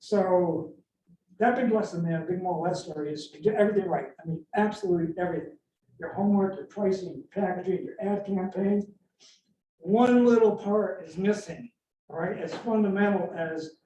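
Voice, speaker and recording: A middle-aged man tells animated stories, and his voice sits fairly high yet mellow and soft. He is recorded from a distance, in a very echoey room with a faint noise bed. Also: brisk, lo-fi sound. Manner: animated anecdotal storyteller, acts out quotes. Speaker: inventor giving a talk. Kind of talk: storytelling talk with advice.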